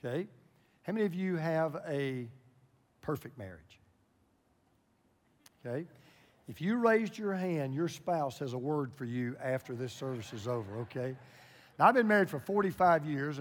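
An older male pastor in his sixties delivers a sermon in a folksy, storytelling way and jokes with his congregation. His voice sits high for a man. It rings out with the long reverb of a church sanctuary. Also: very animated, moderate pace.

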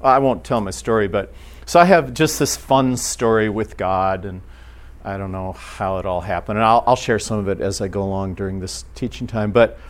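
A man teaching a church class in an earnest, halting way, restarting his sentences often. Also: lowish voice.

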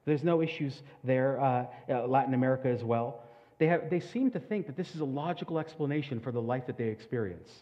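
A man preaching a sermon as pastor, talking earnestly and building to loud, emphatic peaks. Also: medium pitch, a little fast. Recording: dull sound with long hall reverb.

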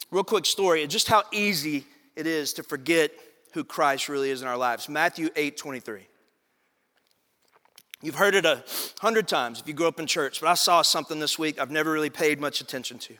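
A man preaching a sermon in a church sanctuary, stacking repeated phrases as his emphasis climbs. His voice sits high and sounds bright and forceful. A long reverb from the large hall trails behind every line. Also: normal speed. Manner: preaching with rising emphasis and repetition. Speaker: pastor.

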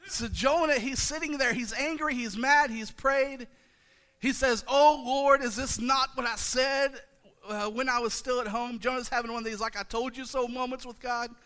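Male pastor preaching, high bright voice, rhythmic repetition, long hall reverb. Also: moderate pace. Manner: passionate, repetitive call-and-response preaching. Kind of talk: sermon. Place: church sanctuary.

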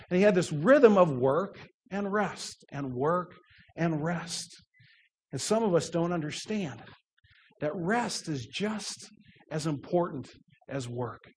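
A middle-aged man preaching a sermon, slow and emphatic, letting phrase endings drop soft. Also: sits high. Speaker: pastor.

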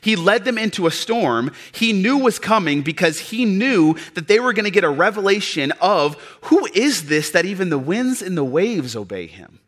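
A pastor preaching a sermon, dropping to a hush and then building to loud, passionate appeals. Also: male voice, high-pitched, sing-song, normal speed, hardly any pauses.

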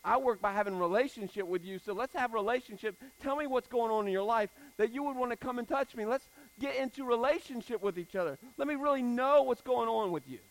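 A man voicing a patient male teacher who gently insists on closeness. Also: very high voice, brisk, hardly any pauses, poor audio. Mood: earnest.

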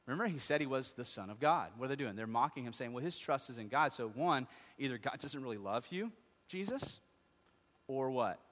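A man preaching a sermon, asking his congregation questions and answering them himself, moving between quiet asides and loud, impassioned stretches. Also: mid-range voice, animated, fairly quick. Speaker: pastor. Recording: long reverb of a large hall.

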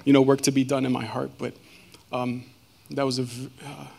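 A man giving a personal testimony as a guest speaker, earnest and halting, with many fillers and restarts. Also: mid-range voice, completely flat delivery, vocal fry, mellow.

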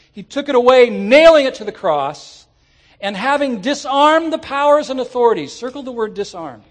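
A man preaching a sermon to his congregation, animated and rising at times to shouts. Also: extremely high pitch. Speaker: pastor. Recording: church sermon audio.

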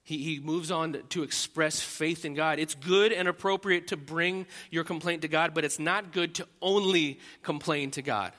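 High bright-voiced preacher man in echoing hall. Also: fairly even intonation, normal speed, few pauses. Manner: swings between loud emphatic preaching and quiet intimate asides. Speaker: pastor. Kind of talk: sermon. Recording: long reverb of a large hall.

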